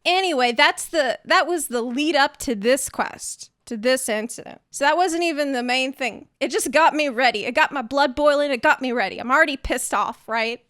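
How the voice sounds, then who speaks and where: A woman's voice: high-pitched, moderate pace, few pauses, a bit bright, dry recording, clean studio sound. A young woman hosting a gaming video, ranting with sarcastic, indignant, theatrical outrage. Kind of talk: ranting game commentary.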